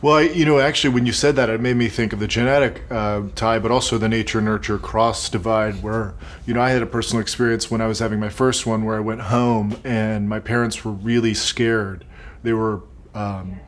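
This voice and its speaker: A man hosting a casual interview, speaking thoughtfully with halting restarts and soft affirmations. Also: fairly low pitch, steady tone. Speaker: podcast host.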